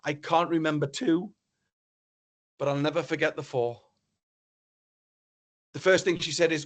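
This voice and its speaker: Animated storytelling male keynote speaker. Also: fairly high pitch, a little slow, long pauses. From northeast England. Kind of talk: motivational storytelling talk.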